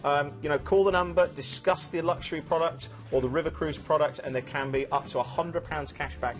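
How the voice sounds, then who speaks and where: A chatty man pitches cruise deals in a lively, high-set voice, full of jokey asides. Soft music sits faintly underneath his shopping channel patter. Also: a little fast. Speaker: cruise sales presenter. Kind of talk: shopping channel sales chat.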